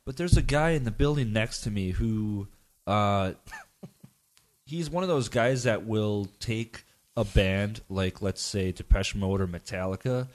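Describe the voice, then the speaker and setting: A man's voice: lowish voice, unhurried. An American man hosting a podcast, chatting loosely and jokingly and swearing casually. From United States. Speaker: podcast host.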